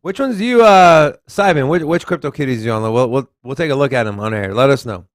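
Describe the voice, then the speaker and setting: A man's voice: medium pitch, quick pace, no echo. Texan male co-host, Southern accent, dry close sound, reads headlines aloud and riffs on them. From Texas. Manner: animated, reads articles aloud, swears casually. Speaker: podcast co-host. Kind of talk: casual crypto news chat.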